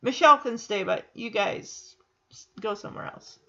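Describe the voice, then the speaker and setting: Brief: high-voiced woman, casual sarcastic recapper, muffled lo-fi sound. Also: lively intonation, moderate pace, creaky, sharp tone. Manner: sarcastic, laughs often, reads out lines. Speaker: episode recapper.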